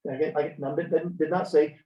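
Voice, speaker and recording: In a church classroom, a Hebrew teacher lectures a beginner language class in a slightly high, steady, dark-toned voice at a fairly quick pace. He's chatty, adds "okay?" after each point, and has students repeat after him. The recording sounds roomy, distant, dull, and lo-fi.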